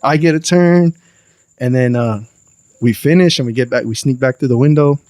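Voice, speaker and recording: A young man, a podcast guest telling a wild story in a lively, profane, slangy way. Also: mid-range voice, normal speed, no room sound. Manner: animated, profane, slangy storytelling with acted quotes. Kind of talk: casual storytelling.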